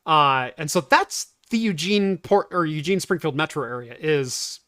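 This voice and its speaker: A man's voice: a little high, lively intonation, moderate pace, bright, forceful tone, no room sound, clean studio sound. A man from Oregon hosting a casual tech and beer podcast, rambling and laughing often. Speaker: podcast host. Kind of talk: casual chat.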